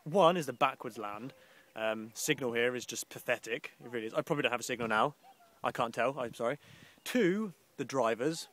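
A man's voice: medium pitch, fairly quick, fairly bright tone. A young man from the Midlands vlogging outdoors by the coast on a handheld camera, rambling and grumbling with sarcasm. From English Midlands. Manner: rambling, grumbling and sarcastic, with mock posh voices. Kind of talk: casual outdoor vlog.

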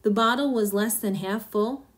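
A woman reading a short story aloud in a steady, measured narration. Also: on the high side. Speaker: story reader.

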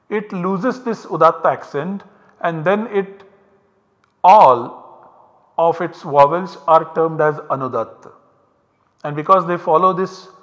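A man's voice: a little high, a bit bright. Man lecturing in a reverberant hall. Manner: methodical, explains step by step. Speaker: university lecturer. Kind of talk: recorded academic lecture.

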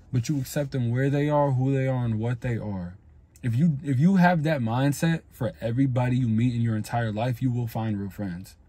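Husky young guy ranting advice, swears a lot, street slang, casual vlog. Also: mid-range voice, mellow, dry recording. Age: young adult. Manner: blunt and profane, slangy street talk. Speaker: self-improvement vlogger.

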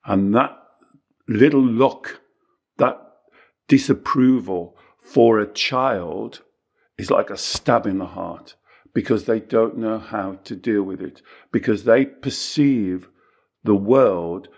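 Guy, gravelly voice, emphatic self-help chat, acts out little inner voices. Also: lowish voice, slow, darkish tone. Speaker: teacher and podcast co-host. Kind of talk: animated self-help talk.

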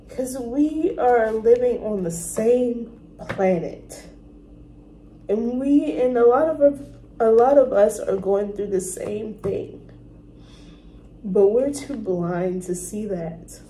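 Tearful slow-talking woman vlogger. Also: medium pitch, warm tone, slight background noise, poor audio. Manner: tearful, halting, heartfelt, full of restarts. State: crying. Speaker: reaction vlogger. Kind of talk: emotional casual monologue to viewers.

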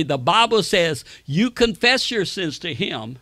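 A man's voice: high-pitched, sing-song, unhurried, sharp tone, no echo. A man preaching a sermon, telling personal stories and quoting people in raised voices. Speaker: pastor.

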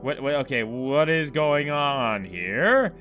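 A man's voice: medium pitch, expressive, slow pace, a bit bright, faint music behind. A young man commenting as he plays a puzzle game, rambling and self-mocking as he thinks aloud. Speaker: gaming video host. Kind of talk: let's-play commentary.

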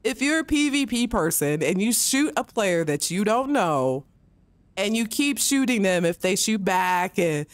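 A woman game streamer rants heatedly on a close mic during a livestream, swearing plenty and often mocking others in put-on voices. Her voice is mid-range and very animated, but she speaks unhurriedly, and there's no echo.

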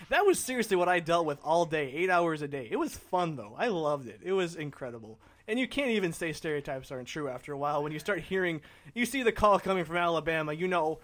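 A young man with a fairly high voice talks through a casual gaming commentary. He rambles and drifts from one thought to the next in a loose, chatty way. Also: animated, a little fast, fairly bright tone. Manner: rambling, chatty, easily sidetracked.

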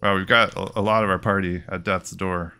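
A man casually commenting on his gameplay, thinking aloud in a relaxed way. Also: deep voice, a little fast, clean tone, faint music behind. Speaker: let's play host.

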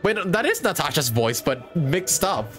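A man's voice: fairly high pitch, sing-song, moderate pace, music in the background. A man streaming a video game, reacting with baffled laughter and swearing in casual commentary.

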